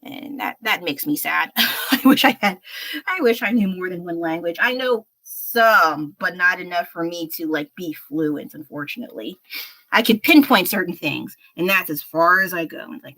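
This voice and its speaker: Here a young woman from the United States paints on a livestream, her lowish voice expressive and fairly bright at an ordinary pace. Her chatter wanders, full of fillers, laughs and jokes at her own expense.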